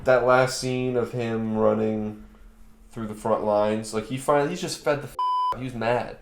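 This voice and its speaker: A man's voice: mid-range voice, fairly even intonation, moderate pace, faint music behind. A young man co-hosting a casual film review chat, talking loosely and swearing casually. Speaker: co-host. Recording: echoey room.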